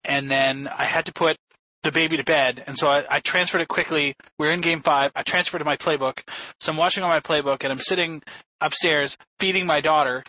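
Man, casual podcast chat, excitable storyteller, bright voice, slightly high. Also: brisk, no echo, low-quality recording. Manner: excitable storyteller, swears freely.

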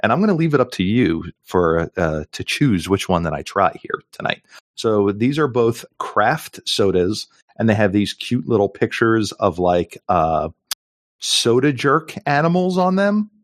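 A man's voice: fairly low pitch, sing-song, measured pace, no room sound, clean studio sound. A middle-aged man co-hosting a podcast in casual chat, jokey and rambling with lots of fillers. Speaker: podcast co-host.

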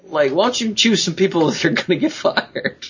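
A man's voice: sits high, moderate pace, muffled recording, slight background noise. A man telling a funny personal story in casual podcast chat, acting out the other people's lines and laughing often. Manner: animated, acts out quoted voices, laughs often. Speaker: podcast co-host.

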